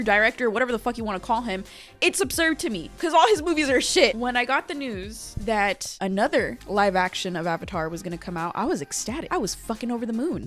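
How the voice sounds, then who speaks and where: A woman's voice: on the high side, a bit bright. A young woman talking in a casual review vlog, blunt and profane, who laughs often. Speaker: YouTuber reviewing a series.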